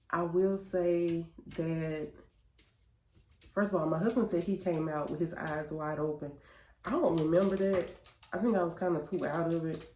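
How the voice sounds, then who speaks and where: A woman telling a chatty, animated story to her viewers. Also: on the low side. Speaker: vlogger. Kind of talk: casual storytelling vlog. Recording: roomy echo.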